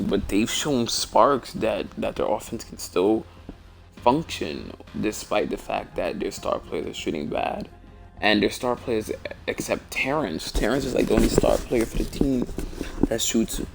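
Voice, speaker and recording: A man's voice: lowish voice, creaky. A tired young man rambling casually about basketball on a stream as host, with many restarts and fillers. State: tired, yawning. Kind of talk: casual sports talk stream.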